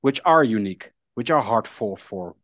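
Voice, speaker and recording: A podcast guest who starts haltingly, stumbling over fillers and repeated words. He then settles into steady lists of points. The recording is dry and close, with no room sound. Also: fairly low pitch, dry recording. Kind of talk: podcast discussion.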